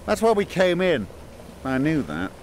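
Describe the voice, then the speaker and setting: Animated man chatting through a game. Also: fairly high pitch, a little slow, a little hiss or hum. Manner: playful, chatty, talks to his companion; excitable, jokey asides. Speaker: gaming streamer. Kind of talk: casual VR gameplay commentary. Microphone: VR headset mic.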